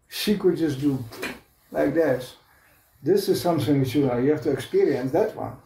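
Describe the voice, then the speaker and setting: A man's voice: on the high side, mellow, recorded from a distance, slight background noise. A man in his fifties giving an anecdotal spiritual lecture, telling stories, laughing often and restarting his sentences. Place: club lecture room. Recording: roomy hall echo.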